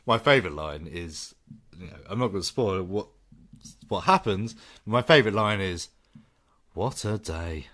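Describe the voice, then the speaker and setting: A man's voice: low-pitched, moderate pace, no echo. A man co-hosting a film podcast, chatting enthusiastically and reading scripted reviews. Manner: enthusiastic, animated. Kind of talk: casual chat and scripted review narration.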